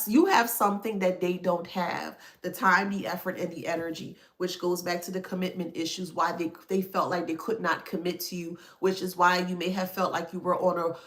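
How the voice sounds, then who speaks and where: A woman talks straight to her viewers in a motivational self-help style. Her delivery is emphatic and preachy. She drives points home by repeating them and often checks that they follow. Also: fairly low pitch. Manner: emphatic, preachy, repeats herself, asks "that makes sense?". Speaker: spiritual self-help vlogger. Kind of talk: motivational talk to camera.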